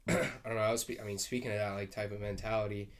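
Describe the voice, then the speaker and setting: A man's voice: fairly low pitch, flat delivery, quick pace. Laid-back young man rambling on a podcast. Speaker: podcast co-host. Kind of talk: casual chat.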